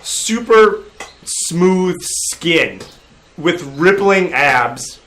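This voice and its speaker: Male game master, higher pitched, lively delivery, narrates with gusto. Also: drawn-out words. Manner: animated, laughing, bursts into loud crowd voices.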